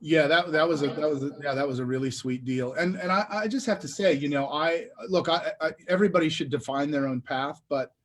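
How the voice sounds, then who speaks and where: A man, a real estate investor, telling his story in a casual interview, animated and full of restarts. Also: a little high, brisk, hardly any pauses. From Detroit area. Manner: animated, lots of restarts and filler.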